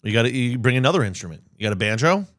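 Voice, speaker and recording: Lively-voiced male podcast co-host. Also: medium pitch, very fast, no echo, studio quality. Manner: deadpan joking, swears, lively ups and downs. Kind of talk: casual podcast banter.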